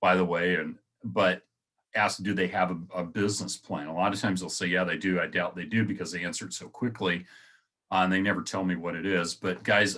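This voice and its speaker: Low, husky-voiced man giving motivational tips. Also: steady tone, a little fast, pushed and bright. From United States. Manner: conversational, repeats phrases, addresses viewers as guys. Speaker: motivational video host. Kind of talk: casual motivational talk to camera.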